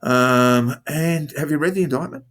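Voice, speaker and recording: Speaking at a normal speed in a fairly high, rather bright voice, this man co-hosts a podcast with casual political chat. He sounds hesitant, leaning heavily on fillers.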